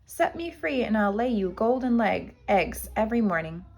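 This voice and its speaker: A woman voicing a frightened golden hen with a very high, squawking voice. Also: lively intonation, moderate pace, vocal fry, a little mellow, faint music behind. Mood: pleading.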